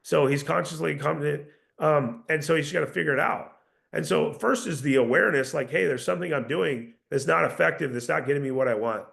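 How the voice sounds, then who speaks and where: A man's voice: fairly high pitch, fairly quick, gravelly, a bit bright. A man coaching door-to-door salespeople, emphatic and confident, often repeating words as he starts a sentence. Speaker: sales trainer.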